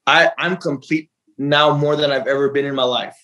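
A man's voice: a little high, fairly even intonation, normal speed, fairly bright tone, poor audio. A man talking as a guest father on an interview show, telling stories in a rambling way with lots of repeated words and acted-out quotes. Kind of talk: casual storytelling chat.

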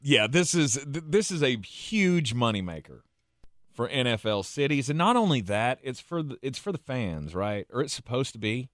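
A man's voice: medium pitch, sing-song, moderate pace, no echo, studio quality. A man co-hosting a sports talk show, easygoing and conversational, often restarting his words. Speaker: sports radio co-host.

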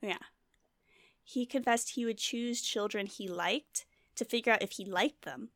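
A woman's voice: fairly high pitch, unhurried, fairly bright tone, dry recording, studio quality. A woman co-hosting a casual true-crime chat, telling the story with many fillers and asides. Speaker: podcast co-host.

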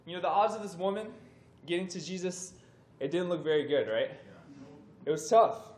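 A man's voice: sits high, normal speed. Young man telling a story in an echoey hall. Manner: animated, conversational, acts out voices in stories. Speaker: youth speaker. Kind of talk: casual sermon storytelling. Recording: echoey room with faint background noise.

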